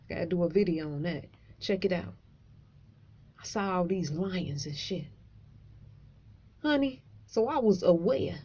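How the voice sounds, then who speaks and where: A woman vlogger tells her story in a loose, profane and animated way. Her voice is mellow and dark. The recording is a little dull and lo-fi. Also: medium pitch. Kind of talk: casual storytelling to camera.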